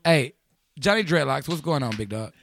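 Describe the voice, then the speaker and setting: A man from Chicago hosting a community radio call-in show, joking loudly and slangy with friends in the studio. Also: fairly high pitch, very animated, moderate pace, gravelly. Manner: rowdy, joking, slangy, talks over friends. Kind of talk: loose call-in radio banter.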